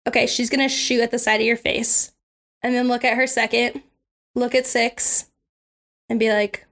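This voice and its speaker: A high-voiced woman runs a tabletop game as its narrator. She talks in a lively way and laughs often as she describes the scene. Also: moderate pace, long pauses. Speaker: game master.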